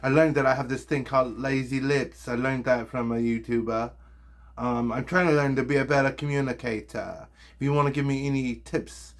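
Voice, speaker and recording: A man's voice: mid-range voice, close to an everyday voice. A man doing himself in a playful mock English accent, rambling and self-mocking from a home studio. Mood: jokey.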